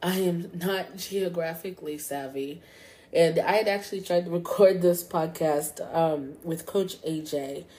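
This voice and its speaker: A woman's voice: on the low side, unhurried, dark tone. A woman hosting a true-crime podcast, telling the story in a chatty, casual way, calling listeners y'all and swearing freely. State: up late at 3 a.m. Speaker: podcast host.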